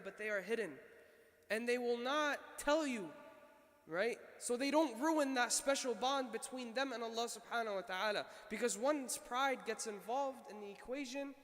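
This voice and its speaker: A man's voice: very high voice, moderate pace, a bit bright, long reverb tail. A man delivering a Friday sermon, telling a story in an earnest way and often asking "right?". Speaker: khatib giving Friday sermon. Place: mosque prayer hall.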